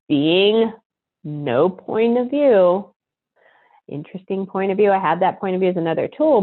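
A middle-aged woman giving a chatty talk on dog behavior, now and then murmuring repeated clearing phrases quickly and low. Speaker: animal behavior consultant. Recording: tinny phone-like line.

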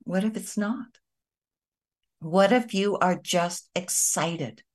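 A woman hosting a show, talking to her viewers in a gentle, conversational way. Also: mid-range voice, slow. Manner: gentle, conversational, with soft emphatic asides. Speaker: host of a kindness and energy show. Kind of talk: reflective spoken talk to viewers.

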